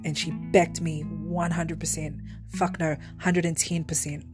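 NZ woman, podcast host, lower voice, heartfelt rambling monologue, faint guitar underneath. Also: level tone, unhurried. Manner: rambling, heartfelt, restarts often. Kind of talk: personal memorial monologue.

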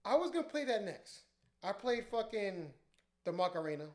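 A young man who works as a DJ, telling profane, animated stories in casual podcast chat. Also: high voice, normal speed. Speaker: DJ and podcast co-host. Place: podcast studio.

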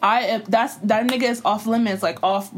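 A woman's voice: mid-range voice, steady tone, normal speed. A young woman co-hosting a podcast in casual chat, blunt and teasing with plenty of slang. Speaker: podcast co-host.

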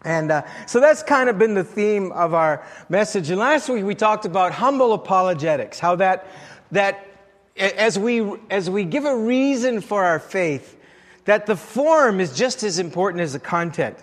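Conversational pastor in a reverberant church. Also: male voice, high-pitched, lively intonation, normal speed. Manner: conversational, anecdotal. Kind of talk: sermon. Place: church sanctuary.

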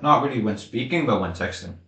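A teenage boy chats on a podcast in an offhand way, now and then dropping a blunt remark. His voice has a mid pitch and rings with plenty of room echo. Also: animated, brisk, sharp tone. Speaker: podcast co-host. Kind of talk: casual chat. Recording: echoey room.

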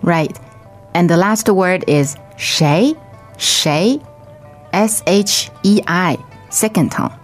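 A woman teaching in a podcast lesson, speaking slowly and carefully and repeating each phrase. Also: lowish voice, soft background music. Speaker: language teacher, co-host. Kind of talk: slow lesson dialogue and drills.

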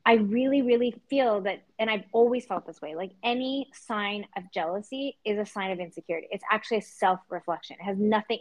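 A woman from Canada in her thirties co-hosts a relaxed podcast chat. She rambles with plenty of fillers at an ordinary middle pitch. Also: poor audio. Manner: chatty, many fillers. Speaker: podcast co-host. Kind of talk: casual chat.

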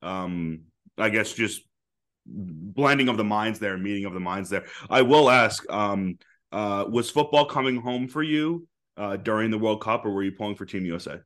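A man with a slightly low voice hosts a sports podcast. He asks questions haltingly, stopping and restarting and filling gaps with little sounds. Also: animated, fairly bright tone. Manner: halting, many fillers and restarts. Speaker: podcast host. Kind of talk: casual podcast interview.

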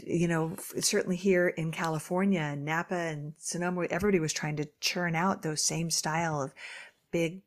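A woman's voice: deep voice, steady tone, normal speed. A woman co-hosting an interview, asking enthusiastic, rambling questions. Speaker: co-host. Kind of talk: interview chat.

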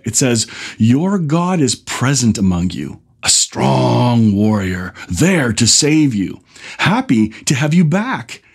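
A man preaching, reading scripture verses slowly and then explaining them with growing excitement. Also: medium pitch, husky. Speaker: pastor. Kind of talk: sermon.

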